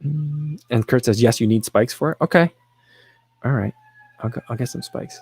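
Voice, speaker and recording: A man in an ordinary middle pitch, talking casually to his livestream audience. He rambles with restarts and fillers and pokes fun at himself. The sound is dry and close, with no room echo. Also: normal speed, darkish tone, slightly rough. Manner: rambling, self-deprecating, with frequent restarts and fillers. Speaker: livestream host reading chat questions.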